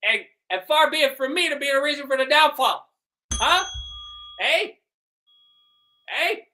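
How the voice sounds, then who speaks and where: A man's voice: extremely high pitch, expressive, measured pace, bright, forceful tone, a little hiss or hum, heavily acted. A man voicing a flustered small-town mayor in an improvised comedy scene, pushy and blustering. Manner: blustering, pushy, tags lines with "huh".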